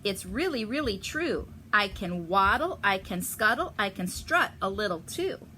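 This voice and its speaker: A woman's voice: medium pitch, sing-song, measured pace, bright, forceful tone, slight background noise. A woman voicing a hairy fox pretending to be a duck in a storybook, insisting and boasting. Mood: insistent.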